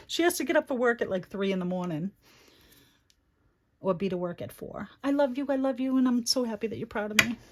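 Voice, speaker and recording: A middle-aged woman hosting a chatty livestream craft tutorial, reading viewer comments aloud between steps. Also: medium pitch. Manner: chatty, warm toward her daughter and viewers, reads chat aloud.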